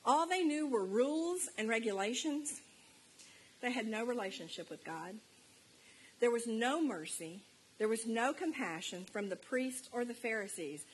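A woman's voice: on the high side, expressive, measured pace, husky, poor audio. A middle-aged woman giving a conversational sermon in church, speaking earnestly and plainly and reading scripture aloud. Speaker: preacher. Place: church service.

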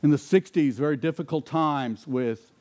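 Speaking at a moderate pace, a pastor with a fairly high voice delivers a sermon. He throws rhetorical questions at his congregation and sinks into a hushed intensity when hammering home key points.

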